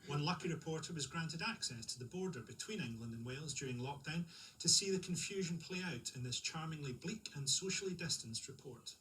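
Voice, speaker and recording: A man hosting a comedy show, reading scripted links with dry, deadpan delivery. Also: fairly high pitch, a little fast. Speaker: host. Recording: distant mic, faint room noise.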